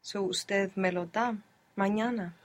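A woman's voice: mid-range voice, steady tone, unhurried. A woman answering as the student in an audio language lesson, careful and thinking aloud.

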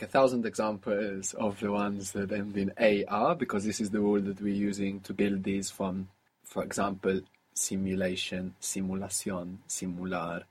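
In a guided audio language lesson, a man with a fairly low, slightly rough voice patiently asks questions and repeats the answers.

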